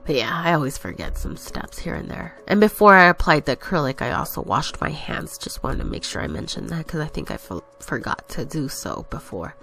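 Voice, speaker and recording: A woman's voice: low voice, big pitch swings, a little fast, vocal fry, hardly any pauses, sharp tone. A woman casually narrating her nail tutorial in a chatty, rambling way, a little out of breath. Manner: chatty, rambling, self-correcting. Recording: voice-over with faint background music.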